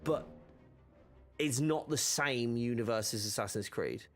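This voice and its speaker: A man's voice: mid-range voice, a little slow, fairly bright tone, soft background music. A man chatting casually while streaming a game, rambling with lots of fillers and restarts. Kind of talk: casual gaming stream chat.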